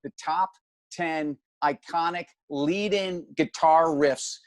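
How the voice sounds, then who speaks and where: This is a man in his fifties with a fairly high voice, hosting a casual show. He tells stories with animation, slipping into the voices of the people in them. The sound is close and dry. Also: takes it slowly, no echo. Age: 50s. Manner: animated storyteller, acts out voices. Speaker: show host. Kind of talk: casual chat, storytelling.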